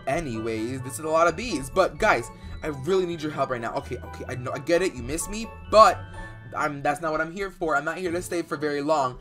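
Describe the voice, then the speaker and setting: A young man doing dramatic Minecraft role-play commentary, excitable and rambling with fillers, bursting into loud outbursts. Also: fairly high pitch, fairly quick. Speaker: YouTuber playing a bee in Minecraft. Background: faint background music.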